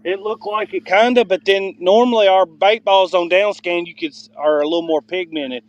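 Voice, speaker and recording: Higher-voiced man on a boat. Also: fairly even intonation, moderate pace, no room sound, highs cut off. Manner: easygoing, chatty, explains fish finder readings. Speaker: fishing partner. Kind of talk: casual livestream banter. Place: on a fishing boat outdoors.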